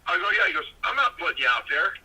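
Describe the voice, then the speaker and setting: A man's voice: a little high, quick pace, breathy edge, muffled recording. A man telling wrestling stories in casual talk, acting out the other people's voices as he goes. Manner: animated storyteller acting out quoted voices. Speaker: guest, former pro wrestler. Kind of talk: casual storytelling.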